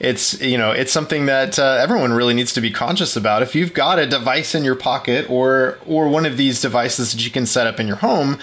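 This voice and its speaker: A man's voice: medium pitch, fairly quick, hardly any pauses, fairly bright tone. A man co-hosting a podcast, talking casually and hesitantly with many restarts and frequent chuckles. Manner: hesitant, many restarts and fillers, laughs often. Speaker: podcast co-host.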